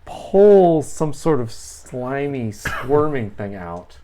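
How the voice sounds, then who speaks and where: A woman running a tabletop game as game master, narrating monsters in a relaxed, descriptive way. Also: a bass voice, slow pace, background noise.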